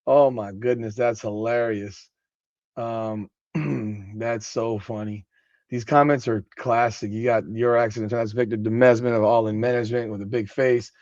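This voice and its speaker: Sleepy, excitable podcast host man. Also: mid-range voice, normal speed, dry recording, muffled recording. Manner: loose, rambling, excitable slang. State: sleepy, yawning. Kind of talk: casual late-night commentary, reading comments.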